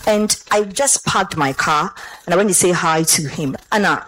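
A woman with a Ghanaian accent giving an animated church testimony, slipping between English and Twi. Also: lowish voice, normal speed, a little hiss or hum, rough recording.

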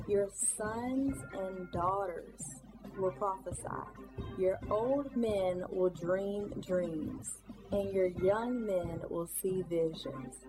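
A woman narrating and reading scripture in a measured way, urging listeners to repent. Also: medium pitch, low-quality recording. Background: music.

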